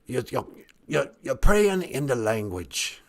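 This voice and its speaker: A man voicing a fatherly male creator spirit with a high put-on British-sounding lilt and an affectionate manner. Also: very animated, slow pace. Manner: affectionate, calls the host "lad" and "son".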